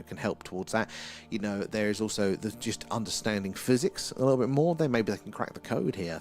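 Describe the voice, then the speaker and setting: A British man hosting a casual night-time livestream outdoors, rambling with many fillers as he chats with viewers. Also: fairly low pitch. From United Kingdom. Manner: rambling, lots of fillers and repeated "there". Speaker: livestream host reading viewer chat. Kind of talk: casual live-stream chat.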